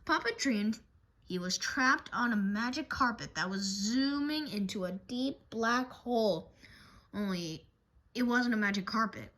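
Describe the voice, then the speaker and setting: A woman reading a children's storybook aloud, animated and expressive, with a few small slips. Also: on the high side, unhurried, low-quality recording. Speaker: narrator.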